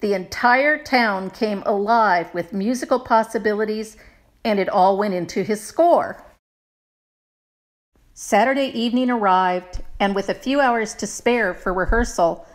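Expressive woman reading a picture book. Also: medium pitch. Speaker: narrator. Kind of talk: storybook read-aloud.

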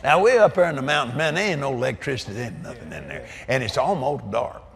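A man's voice: medium pitch, lively intonation, fast, gravelly. An older man preaching, telling a story with laughter and folksy asides. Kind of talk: sermon storytelling. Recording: echoey hall reverb.

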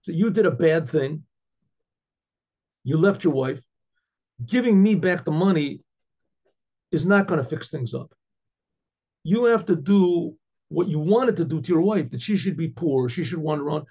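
A rabbi tells a story, rambling along with restarts and throat clearing. His voice is gravelly and husky, fairly high for a man. The recording sounds dull and lo-fi. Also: expressive, moderate pace, pauses often, dark tone. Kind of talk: storytelling lecture.

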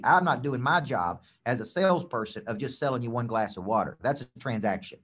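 A man's voice: mid-range voice, expressive, quick pace, few pauses, a bit bright, breathy edge. A man who is a business coach, giving an emphatic coaching session with lots of repetition and frequent "okay?" check-ins.

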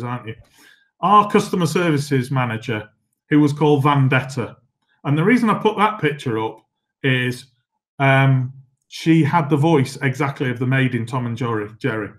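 A middle-aged man presents a business masterclass. He moves briskly through slides and tells self-deprecating anecdotes in a chatty, informal way. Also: mid-range voice. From England. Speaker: company chief executive giving a guest talk.

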